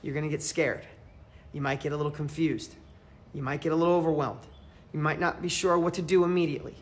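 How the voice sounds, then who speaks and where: A man's voice: a little high, little pitch movement, fast talker. Fervent man giving a pep talk. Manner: repeats phrases for emphasis; frequent swings from loud to quiet. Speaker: motivational coach. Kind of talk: live motivational training.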